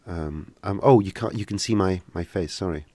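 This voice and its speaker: Give me a man with a deep voice and a dry close sound, casually fielding questions in a live tutorial stream. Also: normal speed, warm tone, dry recording. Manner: casual, joking, hesitant with many fillers. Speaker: software instructor.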